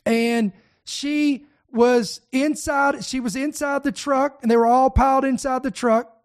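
An older preacher hosts an online talk show in a high, unhurried voice. The stories come with animated emphasis, repeated words, and listeners addressed as "guys."

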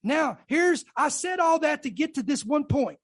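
A woman's voice: sits high, animated, moderate pace. A woman preacher giving a fervent sermon testimony, emphatic and calling out to her congregation.

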